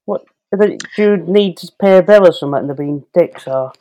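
A man's voice: high voice, a little fast, dark tone, no room sound. A wry man speaking as a guest on a podcast, full of self-deprecating banter. His voice is recorded close, in a dry room. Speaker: comedian guest. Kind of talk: casual chat.

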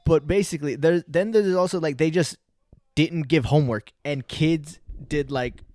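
A man's voice: on the high side, normal speed, a little mellow, dry recording. A young man co-hosting a podcast in casual chat, laid-back and swearing freely, acting out people's lines as he talks. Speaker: podcast co-host.

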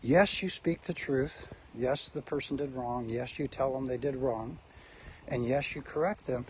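A man preaching a sermon at a slow, deliberate pace, pressing his points with rhetorical questions. His voice sits at an ordinary middle pitch, and a faint hiss of noise runs underneath. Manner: slow, emphatic, asks the listeners rhetorical questions.

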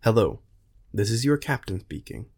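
A man reading the shipwide announcement of an elderly woman captain of a starship, calm and formal. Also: lowish voice, moderate pace.

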